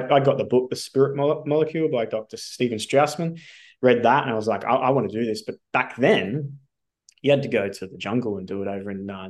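An Australian man telling his story as a podcast guest, animated and casual, with lots of swearing and fillers. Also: mid-range voice.

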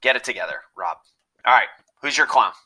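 A man's voice: mid-range voice, animated, brisk, pushed and bright, breathy edge. A man hosting a sports podcast, blunt and sarcastic with casual swearing. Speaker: podcast host.

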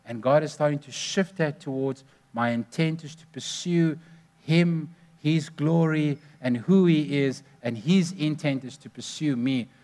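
Male preacher, slightly high voice, earnest storytelling. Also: measured pace, a little mellow. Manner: earnest storytelling, stressing numbered points. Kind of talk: sermon.

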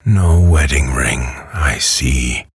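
Weary storybook surgeon, read by a man, very deep, slow and creaky. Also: no echo, studio quality, heavily acted. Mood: resigned. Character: weary old-fashioned male surgeon.

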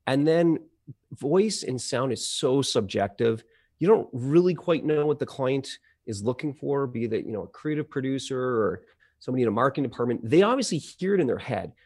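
A man's voice: medium pitch, a little mellow, dry recording, clean studio sound. A man who works as an audio engineer, explaining voice-over work in a rambling, conversational way with many fillers and restarts. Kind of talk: conversational podcast interview.

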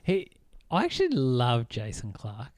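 A man's voice: medium pitch, huge pitch swings, measured pace, darkish tone, dry recording, studio quality. A man, co-hosting a casual film podcast and talking with eager enthusiasm and many fillers. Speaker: podcast co-host.

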